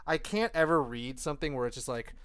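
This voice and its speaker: A man co-hosting a casual nerd-culture podcast, talking in long animated rambles and swearing freely. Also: mid-range voice, fast talker, clear, resonant tone. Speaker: podcast co-host. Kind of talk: casual chat.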